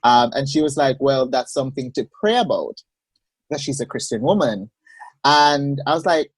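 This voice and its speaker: Husky-voiced man telling stories. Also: medium pitch, dry recording. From Jamaica. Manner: measured, expressive storyteller. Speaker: podcast guest. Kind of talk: personal storytelling in a casual interview. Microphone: video call.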